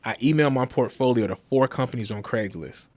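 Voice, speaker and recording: Speaking fairly quickly in a mid-range voice, a graphic designer and business founder in his thirties joins as a guest. He tells stories in easygoing chat, vividly acting out what each person said.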